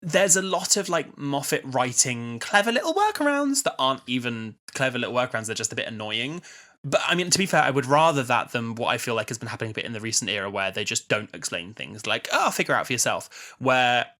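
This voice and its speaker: Bright-voiced young man chatting on a podcast. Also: medium pitch, big pitch swings, brisk. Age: 20s. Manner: chatty, quotes scenes with filler "like". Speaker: podcast co-host. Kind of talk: casual chat.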